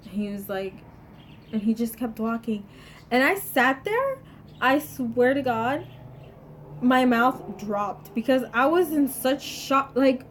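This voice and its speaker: A woman vlogger telling a personal story in a casual storytime vlog, animated and swinging between hushed asides and loud exclamations. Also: a little high, slow.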